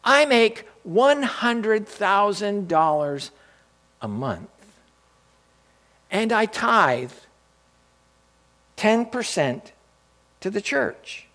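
A man voicing a calm, self-assured shipwrecked rich man who speaks unhurriedly. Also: high-pitched, drawn-out words, long pauses, pitched above the performer's own voice, heavily acted. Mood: smug.

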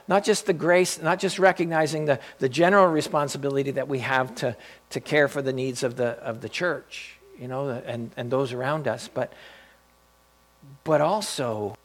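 A male pastor preaching a sermon in a storytelling way, often repeating and restarting his phrases. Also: mid-range voice. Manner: storytelling, with frequent restarts and repetition.

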